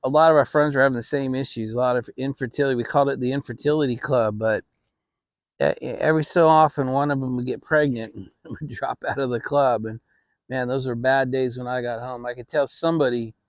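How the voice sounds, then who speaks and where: A middle-aged man hosting his own channel, telling a family story in a relaxed, rambling way with frequent restarts. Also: medium pitch, brisk, no room sound. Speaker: channel host. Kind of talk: casual storytelling. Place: home, relaxed fireside setting.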